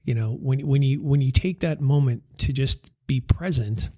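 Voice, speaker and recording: Host, male, thirties, husky tone, dry close mic, loose rambling storyteller. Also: medium pitch, moderate pace, mellow, no echo. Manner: rambling with many fillers and restarts, laughing through funny parts. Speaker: podcast host and life coach. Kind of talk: casual storytelling monologue.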